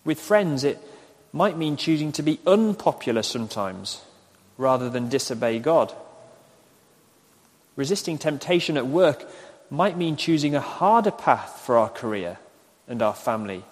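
A man preaching a recorded sermon, speaking slowly and repeating his questions for listeners to write down. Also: medium pitch, big pitch swings. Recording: echoey hall with long reverb.

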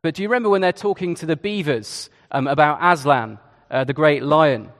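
A man's voice: fairly high pitch, brisk, fairly bright tone, long reverb tail. A man preaching a sermon in a conversational way, with hesitations and asides. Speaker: Church of England preacher.

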